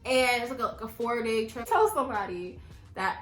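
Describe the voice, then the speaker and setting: A woman in her twenties from New York telling a story-time vlog, animated and slangy, acting out the dialogue. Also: fairly high pitch, a little fast, reverberant, soft background music. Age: 20s. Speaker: vlogger.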